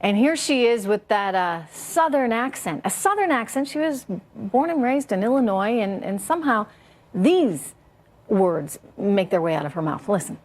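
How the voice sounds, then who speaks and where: A woman hosting a cable news panel, asking brisk, pointed questions of her guests. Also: mid-range voice, animated, darkish tone. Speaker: TV news host.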